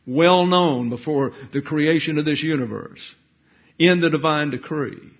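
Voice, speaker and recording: Male Bible teacher, husky tone, emphatic and deliberate, dull lo-fi recording. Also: on the high side. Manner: deliberate, emphatic, reads scripture aloud. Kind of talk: sermon-style Bible study.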